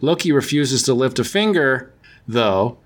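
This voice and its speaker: A man's voice: medium pitch, animated, measured pace. A man hosting a podcast, recapping a comic book story in a casual, rambling way, full of fillers and self-corrections. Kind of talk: casual chat.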